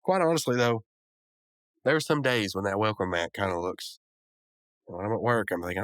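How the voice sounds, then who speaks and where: A man's voice: lowish voice, moderate pace, pauses often, a bit bright, dry recording. A man hosting a podcast, casually recapping a cartoon episode with rambling asides and chuckles. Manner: rambling, chuckling, lots of fillers. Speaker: podcast host.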